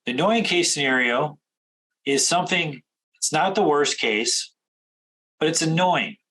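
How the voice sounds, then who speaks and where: A man coaching traders in a direct instructional talk, firing off rapid questions. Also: on the high side, lively intonation, bright, forceful tone, rough recording. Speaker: trading coach.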